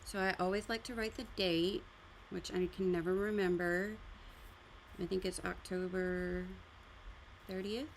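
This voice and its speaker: A woman's voice: fairly low pitch, fairly even intonation, measured pace, slight background noise. A woman hosting a casual live art stream, chatting loosely and explaining her drawing pencils as she goes. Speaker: art livestream host. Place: art studio.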